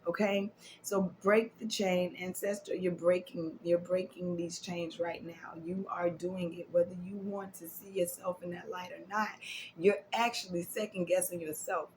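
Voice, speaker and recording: A woman's voice: lowish voice, steady tone, normal speed, a little mellow, a little hiss or hum, low-quality recording. Emotional woman giving a spiritual card reading. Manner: affirming, repetitive, emotional, drops to whispers. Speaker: tarot and oracle card reader.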